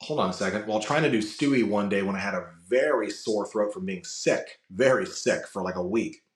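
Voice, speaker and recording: A man with a raspy voice, chatting casually as a podcast guest and telling animated stories with a lot of swearing. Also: on the low side, fairly quick. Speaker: guest, voice impressionist. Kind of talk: casual interview chat. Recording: roomy echo.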